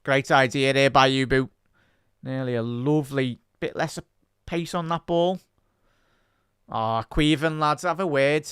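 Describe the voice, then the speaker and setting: A man hosting a live football watch-along, giving excitable fan commentary and chatting with viewers. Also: medium pitch, unhurried, clean tone.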